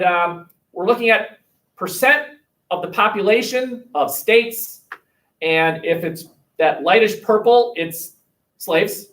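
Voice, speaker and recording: A man teaching history to a class, animated, thinking aloud and asking the class questions, recorded on a webcam across the classroom. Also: high voice. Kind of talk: classroom lecture. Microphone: webcam across the room. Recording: roomy classroom picked up from a distance.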